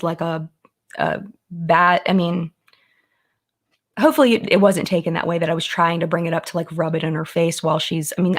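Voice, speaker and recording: A woman hosts a relaxed beauty live stream, chatting to her viewers and thanking them by name. Her voice sits a little low, and she turns earnest and thoughtful, often restarting her sentences as she works through a point. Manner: chatty, reads out and thanks commenters; earnest and reflective, with many restarts. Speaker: beauty YouTuber hosting a live chat. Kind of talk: casual live-stream chat.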